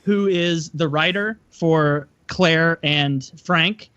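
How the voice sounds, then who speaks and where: A high-voiced man chats casually as a podcast co-host, retelling scenes with lively put-on voices. The recording is dry and a bit muffled. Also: drawn-out words, clean tone, no echo. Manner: animated storyteller, acts out voices. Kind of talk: casual chat about TV shows.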